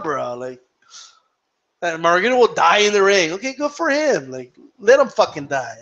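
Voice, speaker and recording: Laughing, profane young man, high lively voice. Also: normal speed. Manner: laughing, profane, switches into Spanish to quote fighters. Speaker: boxing commentator on a live stream. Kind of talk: casual live-stream chat. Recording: dull lo-fi stream audio.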